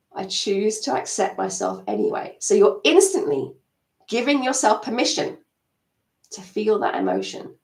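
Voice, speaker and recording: A woman EFT practitioner gently guiding listeners through tapping steps in a live coaching talk. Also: mid-range voice, gravelly. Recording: echoey room, distant mic.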